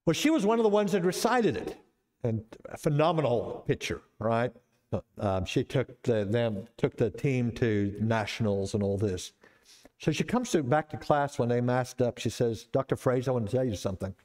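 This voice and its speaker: A man, a college counseling professor, giving a conversational seminar talk, telling stories with lively pitch swings and casual asides. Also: normal speed. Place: church seminar.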